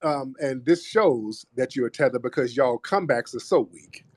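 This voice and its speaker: A man's voice: medium pitch, moderate pace, a little mellow. A man hosting a live online audio room, taunting a caller in a heated debate and calling him "brother" over and over. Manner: taunting, repeats "brother", mocking. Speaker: host.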